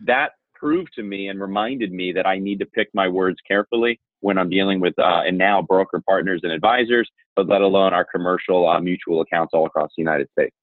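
A man with a low voice tells a story as a podcast guest, animated and candid. His voice comes through a narrow, tinny, phone-like line. The sound is dry, with no room echo. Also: brisk, hardly any pauses. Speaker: podcast guest, insurance marketer. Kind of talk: storytelling conversation.

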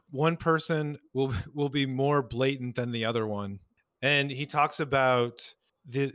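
A man, a couples therapist, explaining his approach in a relaxed conversation and acting out exchanges with clients. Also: medium pitch, smooth, no echo, studio quality. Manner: explains with acted-out client dialogue. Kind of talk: podcast conversation.

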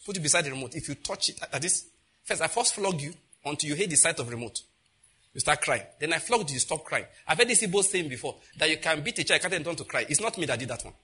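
A man preaching a sermon as pastor, animated and laughing as he acts out what others say. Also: on the high side, quick pace, slightly rough.

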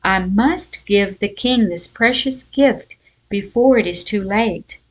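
A woman's voice: medium pitch, slow, low-quality recording. Woman reading as a clever pleading thief. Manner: earnest, pleading, then accusing. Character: clever humble male thief pleading his case.

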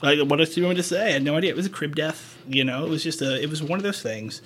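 Racing along in a fairly bright voice on the high side, a paramedic tells stories during a casual podcast chat, talking frankly, swearing, and acting out quoted dialogue. There is slight background noise.

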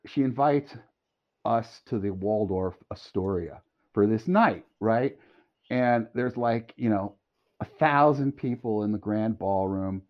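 A middle-aged man telling a long anecdote as a podcast guest, animated and quick to laugh. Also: fairly low pitch. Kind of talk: storytelling anecdote. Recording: dull lo-fi audio.

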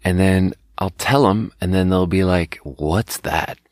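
A low-pitched man talks on his own show in a loose, meandering monologue. He restarts his sentences and slips laughs into his thoughts, sounding a little self-conscious. The recording is close and dry, with no room around him. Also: level tone, normal speed, darkish tone, clear, resonant tone, no echo. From Sweden. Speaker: podcast host. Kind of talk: casual solo monologue.

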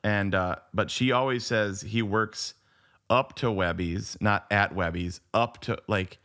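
A man co-hosting a podcast in casual chat, laid-back and quick to laugh while telling stories. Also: on the low side, fairly bright tone. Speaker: podcast co-host.

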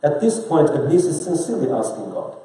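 A man's voice: fairly high pitch, sing-song, brisk, warm tone. A man preaching a sermon in a conversational way, asking the congregation questions and explaining Arabic scripture in English. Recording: very echoey room.

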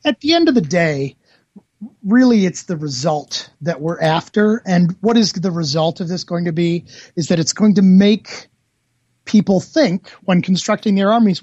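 A man organizing a tournament, talking it through in a measured, explanatory way in casual conversation. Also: sits high, expressive, a little mellow, no room sound, highs cut off. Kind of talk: casual chat.

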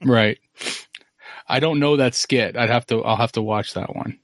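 A man's voice: mid-range voice, unhurried, no echo, clean studio sound. Opinionated man rambling on a podcast. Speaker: podcast host. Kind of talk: casual podcast chat.

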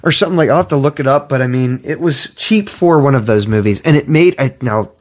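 A man hosting a casual podcast chat, excitable and swearing freely as he talks over his guest. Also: mid-range voice, quick pace. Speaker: podcast host.

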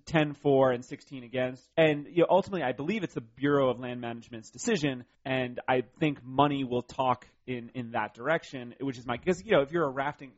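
Man, radio co-host, casual banter, wry and profane, middle pitch, dull sound. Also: brisk, hardly any pauses. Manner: wry, irreverent, swears freely. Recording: slightly dull broadcast audio.

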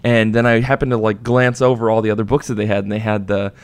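A man's voice: on the low side, little pitch movement, quick pace, clear, resonant tone. A young man hosting a podcast, telling a story in casual chat and acting out the voices of people he quotes. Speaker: podcast host.

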